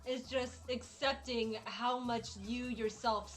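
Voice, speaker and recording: Slow-talking, dramatic woman streamer. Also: a little high, steady tone, faint music behind. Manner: dramatic, exasperated, laughing often. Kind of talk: casual live-stream chat while gaming.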